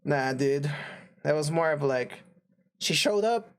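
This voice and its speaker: A man's voice: on the high side, lively intonation, takes it slowly, gravelly, background noise. Rambling young man telling a story. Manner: rambling, filler-heavy, laughing storyteller. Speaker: podcast co-host. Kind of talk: casual storytelling chat.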